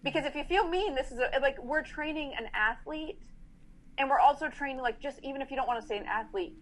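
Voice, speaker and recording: Speaking in a high voice, this middle-aged woman trains horses and is a guest on a podcast. She breaks down training in a lively, informal way, voicing riders' inner thoughts in rapid asides.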